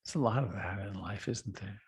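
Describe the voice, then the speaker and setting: A middle-aged man giving a reflective meditation talk, slow and soft, with long pauses and trailing lines. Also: lowish voice, slightly rough. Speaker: meditation teacher. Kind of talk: dharma talk.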